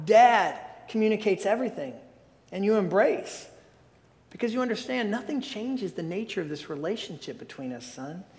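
A man preaching a sermon as a visiting pastor, earnest and emphatic, with occasional wry asides to the congregation. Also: high-pitched. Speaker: guest preacher. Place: church sanctuary. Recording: long hall reverb.

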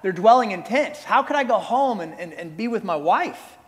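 A man's voice: high voice, expressive, moderate pace. A man voicing a loyal, principled soldier in a plain, earnest way. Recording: reverberant hall.

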